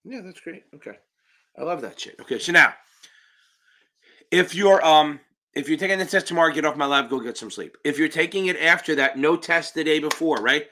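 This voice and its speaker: A man's voice: on the high side, fairly quick, sharp tone. A man hosting a live-stream Q&A as an exam prep tutor, talking in a brash, profane and blunt way, with emphatic interjections.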